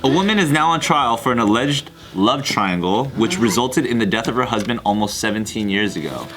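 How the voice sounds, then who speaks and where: A man's voice: mid-range voice, lively intonation, a little fast, a bit bright. A man reading out news stories in a comedy chat show.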